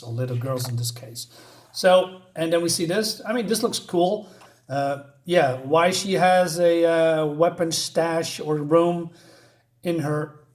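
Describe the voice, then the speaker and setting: Male comic reviewer, casual recap, lots of ums and restarts, fairly high voice. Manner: halting, many fillers and restarts, reads quotes aloud.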